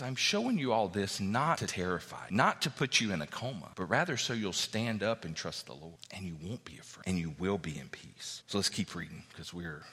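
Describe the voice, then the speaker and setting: A man preaching a sermon, reading scripture aloud and acting out what the characters say in an animated way. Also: fairly low pitch, slightly rough, in a large hall. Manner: animated, acts out biblical characters' speech.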